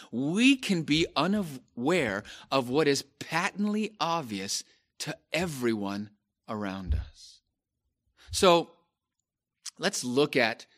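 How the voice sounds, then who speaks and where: A man preaching a sermon, slow and emphatic, repeating phrases and rising to stress key points. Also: medium pitch, fairly bright tone.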